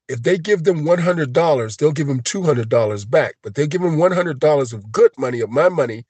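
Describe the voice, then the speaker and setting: A man ranting on a live stream, agitated and profane, swinging between shouting and low, emotional muttering. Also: husky, no echo. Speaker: livestream host.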